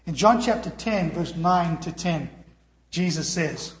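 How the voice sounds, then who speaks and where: A man preaching a sermon as pastor, animated and putting questions to the congregation. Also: fairly high pitch, measured pace. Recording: echoey hall.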